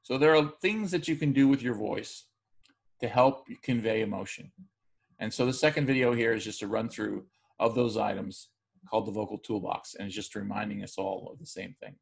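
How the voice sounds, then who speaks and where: This lecturer's voice is fairly low and creaky, and he talks a little fast. He teaches the recorded class casually, often using fillers and starting sentences over.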